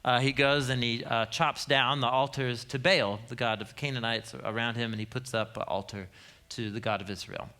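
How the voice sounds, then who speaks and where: A man's voice: medium pitch, steady tone, normal speed, pushed and bright. A man in his thirties teaching a sermon as a Bible teacher, a humorous storyteller who laughs often.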